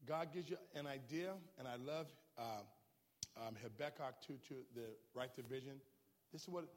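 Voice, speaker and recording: A man preaching a sermon in a church, impassioned, swinging from quiet talk to shouting. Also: medium pitch, in a large hall.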